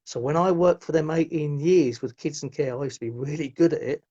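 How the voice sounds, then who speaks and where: Middle-aged man, interview guest, rambling storyteller, voice sits a bit high, muffled recording. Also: brisk, warm tone. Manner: rambling, with frequent restarts. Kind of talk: personal storytelling in conversation. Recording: muffled lo-fi audio.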